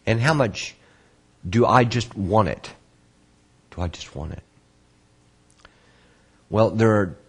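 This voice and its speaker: A man teaching an online course, patiently answering student questions and explaining terms slowly with repetition. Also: low-pitched. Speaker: Kabbalah course instructor.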